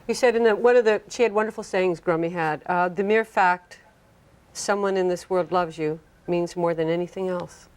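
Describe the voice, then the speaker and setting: A woman hosting a television talk show, interviewing her guest in a warm, admiring manner. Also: fairly low pitch, steady tone, normal speed.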